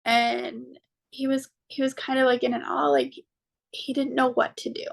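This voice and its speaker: Woman guest, 30s to 40s, heavy vocal fry, fairly high voice, halting personal storytelling. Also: level tone. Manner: halting, frequent ums and restarts, quoting her own words. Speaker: podcast guest, mother. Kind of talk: personal story told in an interview.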